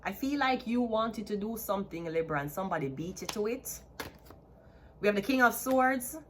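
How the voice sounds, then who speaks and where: A woman with a Jamaican accent giving a chatty tarot card reading, excitable and repeating herself. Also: mid-range voice, moderate pace, slight background noise. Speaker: tarot reader. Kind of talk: casual tarot reading to camera.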